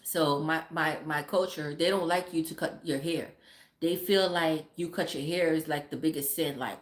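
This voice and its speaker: A woman's voice: low-pitched, steady tone, normal speed. A mother from a Caribbean family chatting casually on a livestream, blunt and profane and laughing often. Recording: roomy echo.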